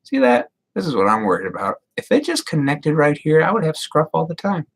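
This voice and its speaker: A man's voice: a little high, sing-song, a little fast, husky. A man in his thirties rambling casually and profanely to viewers on a live stream. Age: 30s.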